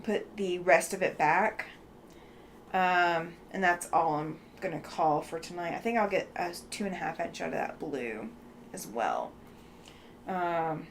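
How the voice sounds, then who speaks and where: A woman hosting a relaxed quilting live stream, chatting with viewers and thinking aloud with lots of ums and likes. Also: medium pitch, slight background noise. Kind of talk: casual live-stream chat, reading viewer comments.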